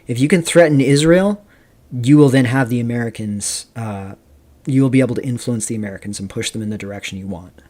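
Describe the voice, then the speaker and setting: A man hosting a live stream, rambling casually through commentary, reading chat questions aloud and filling pauses with "um" and "like". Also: mid-range voice, a little mellow. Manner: rambling, reads chat aloud, many fillers. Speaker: streamer host.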